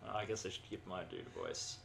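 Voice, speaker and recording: A young man commentating a video game in casual chat, excitable, swearing loudly and laughing often. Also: sits low, brisk, gravelly. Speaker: gameplay commentator. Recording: roomy with faint noise.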